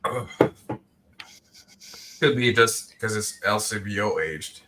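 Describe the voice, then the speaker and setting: A man's voice: on the low side, slow, sharp tone, slight background noise. A man whose first language is French, joking and teasing crudely while tasting beer in a casual chat.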